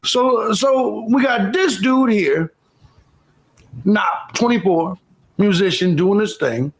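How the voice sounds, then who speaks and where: Gravelly blunt male streamer. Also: sits high, slow pace, low-quality recording. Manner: blunt, profane, reads out chat donations. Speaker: livestream host. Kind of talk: casual livestream commentary.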